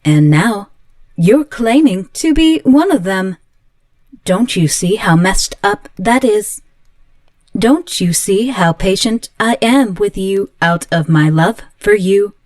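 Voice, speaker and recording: A woman voicing an obsessive, volatile female android in an audio roleplay, speaking slowly and earnestly in a pleading way. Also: medium pitch, animated, darkish tone, no room sound, studio quality. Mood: resentful.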